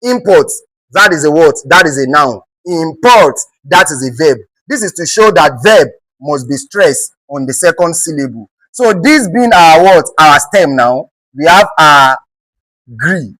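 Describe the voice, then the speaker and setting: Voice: mid-range voice, lively intonation, fairly bright tone, no room sound, low-quality recording. Teacher with a Nigerian accent, quizzing. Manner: keeps asking the class "what?" and then answering it; spells words out letter by letter and repeats them slowly. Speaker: English teacher. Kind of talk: exam-prep lesson.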